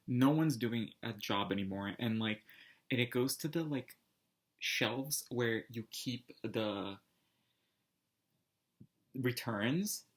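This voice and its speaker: A man casually telling a personal anecdote, rambling and animated, full of fillers and restarts. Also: mid-range voice, takes it slowly, pauses often. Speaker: storyteller.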